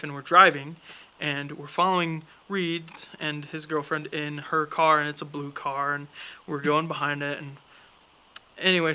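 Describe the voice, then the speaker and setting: A man's voice: fairly high pitch, sharp tone, smooth, rough recording. A young man telling a funny story in a casual chat, laughing often as he goes.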